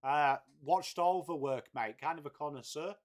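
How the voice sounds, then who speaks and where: Laddish man with a higher voice. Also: normal speed. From England, Whitby. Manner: laddish banter, peppered with "mate", swears freely. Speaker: livestream host. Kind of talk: casual live watchalong chat, reading viewer messages.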